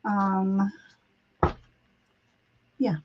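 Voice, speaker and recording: A woman's voice: medium pitch, completely flat delivery, drawn-out words, highs cut off, slight background noise. A woman hosting a live tarot reading over a video call, talking in a chatty, giggly, meandering way. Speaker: tarot reader and show host.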